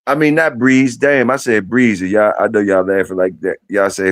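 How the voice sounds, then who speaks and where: A man hosts a live stream in a loose, rambling, profane chat, tossing questions at his viewers. His voice sits at an ordinary middle pitch. The sound is close and dry. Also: expressive, a little fast, few pauses, dry recording.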